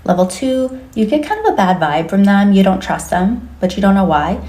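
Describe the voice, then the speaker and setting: A woman's voice: medium pitch, very animated, moderate pace, dark tone. A woman running through a wry, list-like explainer to camera. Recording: echoey room.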